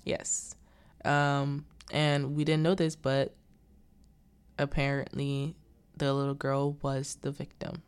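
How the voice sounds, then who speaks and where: A woman's voice: rumbling low, monotone, slow pace, pauses often, smooth. A young adult woman casually recapping a film plot, rambling with lots of filler and exasperated asides. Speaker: vlogger reviewing a film.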